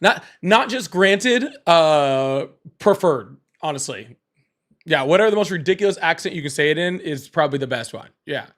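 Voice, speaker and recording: A man's voice: on the high side, animated, normal speed, fairly bright tone. A man hosting a casual livestream, rambling, repeating himself and laughing often. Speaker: livestream host.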